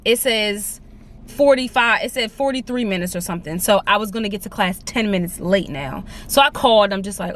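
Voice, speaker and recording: A woman's voice: a little high, a little fast. A young woman in her twenties chatting casually for her vlog, filling her talk with "like" while she drives and later walks. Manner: chatty and animated, says "like" a lot. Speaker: lifestyle vlogger. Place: in her car, then out on a walk.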